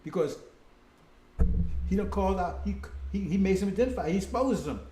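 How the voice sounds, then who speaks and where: A man preaching a rambling, repetitive sermon who keeps checking with his listeners. His voice sits high for a man, but the tone is mellow and dark. The sound is roomy, with echo. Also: expressive, normal speed. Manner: repetitive, keeps asking "see?" and "right?"; addresses "brothers and sisters".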